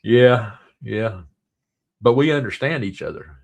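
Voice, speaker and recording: Male livestream host with a Southern drawl, gravelly tone, loose and rambling chat. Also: medium pitch, unhurried, dull audio. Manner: rambling, reads viewer comments aloud.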